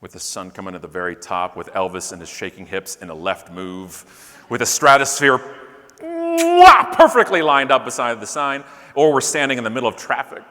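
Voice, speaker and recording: A man's voice: fairly low pitch, brisk. A man giving a comedic keynote speech to a live audience, joking and talking straight to the crowd. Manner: animated, joking, talks to the crowd. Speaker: keynote speaker. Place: large conference hall with live audience. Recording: long hall reverb.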